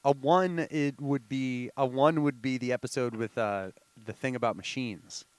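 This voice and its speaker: A man's voice: medium pitch, normal speed, darkish tone, clear, resonant tone, no room sound. A man co-hosting a podcast, talking casually in a laid-back, hesitant way that often trails off. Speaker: podcast co-host. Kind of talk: casual chat.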